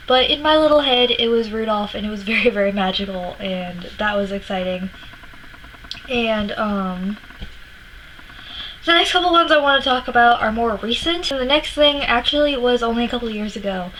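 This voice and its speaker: Young woman vlogger, fairly high voice, rambling, faint noise behind. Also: moderate pace, a bit bright, low-quality recording. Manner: rambling, many fillers and restarts. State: tearful, upset. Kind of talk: personal storytelling vlog.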